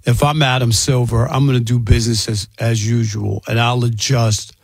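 A man co-hosting a sports talk show, cutting in with jokes and speaking in halting restarts. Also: medium pitch, little pitch movement, vocal fry, husky, no echo, studio quality. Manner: joking interjections, halting restarts. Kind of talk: casual sports debate.

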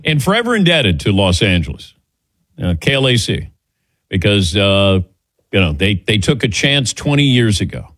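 A man's voice: on the low side, sing-song, normal speed, fairly bright tone, no room sound. A middle-aged man hosting a sports radio show, joking wryly and teasing himself. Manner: wry, self-deprecating joking. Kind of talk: casual sports talk radio.

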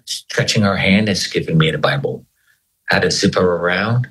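A man with a very deep, low voice tells his story in an interview. He speaks earnestly, quotes scripture, and his pitch jumps when he gets excited. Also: moderate pace, low-quality recording. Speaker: interview guest. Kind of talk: personal testimony in conversation.

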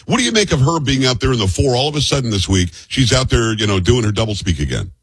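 A male talk radio host rattles off his questions at a quick clip in a husky voice. The sound is dry and close, with no room around it. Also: medium pitch, very animated, no echo. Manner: brisk, emphatic, jokey. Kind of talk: radio talk show interview.

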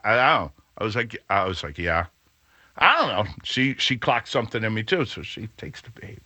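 Middle-aged male radio host, booming and animated, low but lively voice, bright and a little husky, dry close mic. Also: dry recording. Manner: animated, booming, rambling with many fillers. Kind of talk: storytelling chat.

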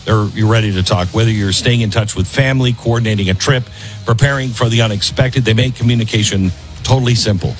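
A man's voice: on the low side, quick pace, soft background music. Talk show host, middle-aged man. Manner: conversational, self-interrupting, with fillers. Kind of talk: talk radio monologue and ad read.

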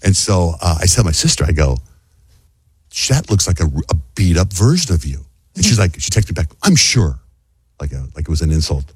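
A man hosting a morning radio show, telling chatty stories and doing animated voices when he quotes people. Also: low-pitched, brisk, husky, no room sound. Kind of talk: casual morning radio banter. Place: radio studio.

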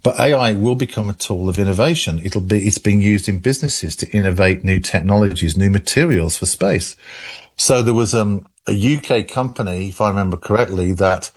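An English man with a low, husky voice, talking through a question on a radio call-in show. He rambles, restarts his sentences and repeats words as he explains. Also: brisk. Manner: rambling with many restarts and laughs. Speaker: AI expert guest.

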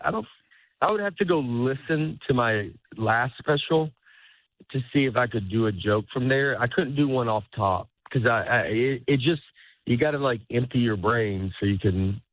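A comedian talking as a guest in a casual interview, rambling and cutting himself off, laughing often. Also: male voice, medium pitch, no room sound. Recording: tinny phone-like line.

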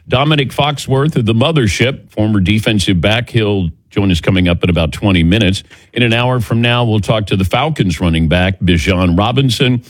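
A man hosting a morning sports talk show on the radio, bantering loosely with his crew and tossing to them by name. His voice sits at an ordinary pitch. The sound is dry and close, on a studio mic. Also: dry recording. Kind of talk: casual radio show chat. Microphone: studio microphone.

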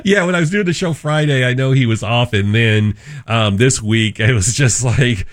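A man in his fifties filling in as a radio talk show host, chatting with callers and telling family stories, jumping up in pitch to act out voices. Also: moderate pace, dry recording, studio quality. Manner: animated storyteller, acts out voices with pitch jumps. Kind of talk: casual radio chat and storytelling. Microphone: studio microphone.

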